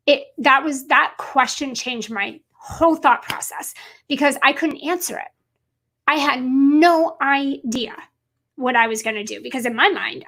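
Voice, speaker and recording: A woman's voice: high voice, fairly bright tone. A woman business coach giving an earnest, emphatic motivational talk on a livestream, repeating points for stress.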